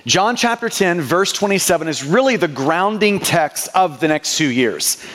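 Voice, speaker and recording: A man's voice: fairly high pitch, expressive, moderate pace, fairly bright tone, long reverb tail. A man preaching a sermon as pastor, emphatic and stumbling over repeated word starts.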